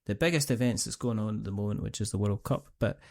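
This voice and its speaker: A middle-aged Scottish man hosts a podcast, chatting casually in a fairly low, fast voice with vocal fry. He tells stories in a rambling, chatty manner and keeps restarting his sentences.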